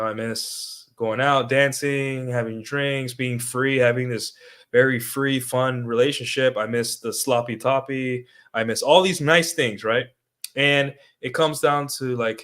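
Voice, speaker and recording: A man's voice: medium pitch, a bit bright. A young man giving casual livestream commentary, talking to his viewers with lots of fillers and tag questions. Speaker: streamer.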